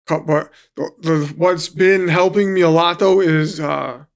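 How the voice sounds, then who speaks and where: Gravelly New man telling stories. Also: on the high side, fairly even intonation, unhurried. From New York City. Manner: swears freely, acts out quotes. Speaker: guest, professional fighter. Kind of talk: casual storytelling.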